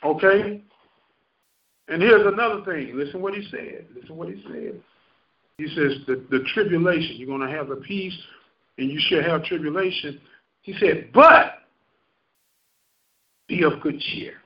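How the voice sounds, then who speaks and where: High-voiced man preaching in a roomy church. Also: normal speed, long pauses. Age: 50s. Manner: call-and-response preaching, rising and falling emphasis. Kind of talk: sermon. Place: church sanctuary. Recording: roomy muffled church recording from a distance.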